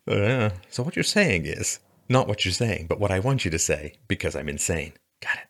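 A man's voice: low-pitched, lively intonation, fairly bright tone. Sarcastic man in political commentary. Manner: mocking, dry, quick to sigh and scoff.

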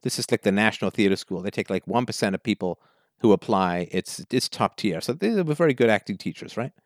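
Male talk host, animated advice-giver who acts out his anecdotes; bone-dry studio voice. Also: fairly low pitch, fairly quick, dry recording. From Canada. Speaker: call-in show host.

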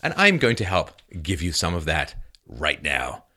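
A man's voice: extremely low pitch, huge pitch swings, normal speed, pushed and bright. A man delivering an emphatic, sarcastic political commentary monologue.

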